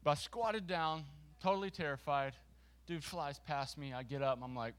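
A man with a voice on the higher side tells a story from the pulpit to his congregation. He brings a volunteer on stage and keeps poking fun at himself. His delivery is animated, full of restarts and laughter. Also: slight background noise. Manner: lively and self-mocking, with quick restarts and laughter.

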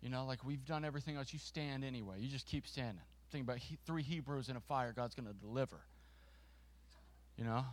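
A man preaching to a congregation, telling a funny story with a volunteer on stage, lively and self-mocking. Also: mid-range voice. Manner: lively and self-mocking, with quick restarts and laughter.

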